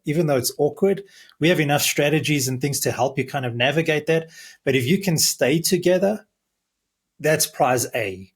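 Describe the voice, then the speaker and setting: A man's voice: fairly high pitch, slightly rough. A man who is a marriage coach, earnestly explaining advice in a podcast conversation. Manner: earnest, explaining, restarts words.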